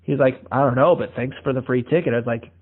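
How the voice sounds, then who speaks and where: A man's voice: mid-range voice, quick pace, a little hiss or hum. A male podcast host from Iowa, telling stories in casual chat, acting out the voices in them and swearing freely. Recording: tinny phone-like lo-fi audio.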